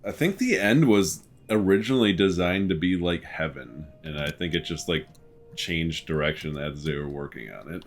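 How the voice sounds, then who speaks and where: Co-player, male, low voice, dry deadpan chat during a game. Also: moderate pace. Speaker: co-player guest. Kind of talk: casual gaming chat.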